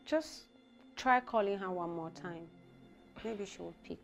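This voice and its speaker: An actress playing a polite, slightly hesitant housemaid. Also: female voice, mid-range voice, unhurried, vocal fry, soft background music.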